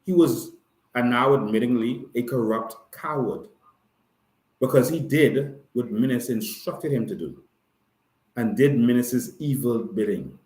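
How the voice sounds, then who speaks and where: A man's voice: mid-range voice, measured pace, darkish tone, echoey room, rough recording. A man with a Bahamian accent, hosting a live stream as an activist and talking in a fiery, emphatic way, often checking in with "all right?". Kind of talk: impassioned livestream talk.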